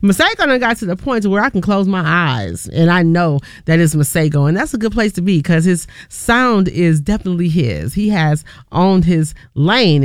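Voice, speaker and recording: A woman's voice: on the low side, no echo, clean studio sound. A woman hosting a late-night radio music show, chatting upbeat between songs and talking straight to her listeners. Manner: chatty, upbeat, keeps calling listeners "y'all".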